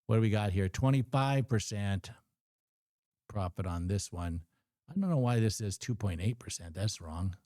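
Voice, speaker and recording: A middle-aged man hosting a live trading stream, thinking aloud and reacting excitedly to his screen. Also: fairly low pitch, normal speed, no room sound, clean studio sound. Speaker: host of a trading livestream.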